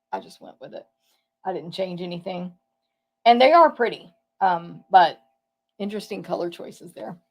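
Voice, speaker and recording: With a mid-range, darkish voice marked by vocal fry, a woman chats her way through a casual live tour of papercraft products. She thinks aloud and keeps correcting herself.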